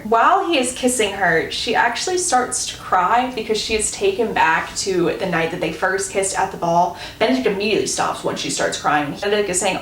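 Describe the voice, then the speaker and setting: A woman's voice: mid-range voice, lively intonation, fairly quick, hardly any pauses, a bit bright. A woman giving a chatty, casual book recap and talking straight to her viewers. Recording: echoey room, faint hum.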